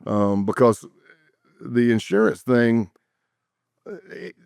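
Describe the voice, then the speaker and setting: A middle-aged former undercover agent from South Carolina tells stories as a guest in a casual interview, animatedly acting out the people he quotes. His mid-range voice is slow and gravelly, recorded dry and clean in a studio.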